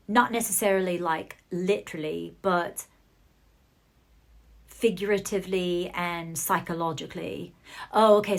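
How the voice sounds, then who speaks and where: A woman giving a channelled psychic reading, relaying messages in halting bursts with soft murmured asides. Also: on the low side. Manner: hesitant, relaying what she hears in bursts. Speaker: psychic reader.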